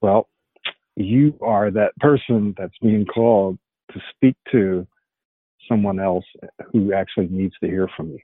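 Slow-spoken husky man on a call. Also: on the low side, dry recording. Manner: slow, deliberate speaking. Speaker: guest. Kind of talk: casual conversation. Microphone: video call. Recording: tinny call audio, dry.

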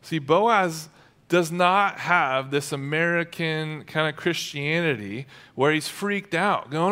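A male pastor preaching a sermon in a conversational, energetic way. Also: a little high, slow.

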